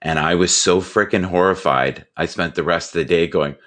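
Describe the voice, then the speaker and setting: A man in his fifties, joking and telling animated stories in a casual chat. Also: low voice, normal speed. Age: 50s.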